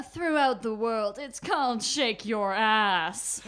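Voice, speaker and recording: A woman's voice: a little high, extremely slow, fairly bright tone. A woman reading the part of a 43-year-old woman who runs a fashion school, in a stilted manner and often breaking into giggles. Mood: amused, grand. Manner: stilted read with frequent giggles.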